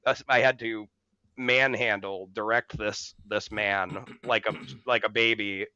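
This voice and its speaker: Bright, rambling storyteller man. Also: on the low side, steady tone, unhurried, clean tone, dry recording, lo-fi sound. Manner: rambling, profane, laughs through stories. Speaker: podcast co-host. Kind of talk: casual storytelling.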